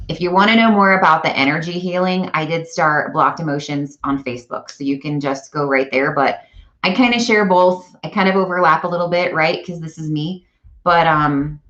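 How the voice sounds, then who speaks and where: A woman chatting casually on a live stream, animated and self-correcting as she talks. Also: low-pitched. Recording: dull lo-fi live-stream audio.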